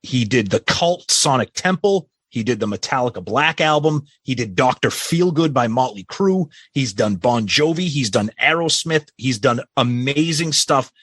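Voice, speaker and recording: A man's voice: mid-range voice, expressive, moderate pace, hardly any pauses, fairly bright tone, breathy edge, no echo. A man co-hosting a casual podcast, reading listener questions in a blunt, profane way. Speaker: podcast co-host.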